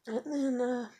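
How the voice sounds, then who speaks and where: A woman's voice: high voice, a bit bright, slightly rough. A woman in her thirties venting in a rambling, profane monologue from a room at home. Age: 30s. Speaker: vlogger.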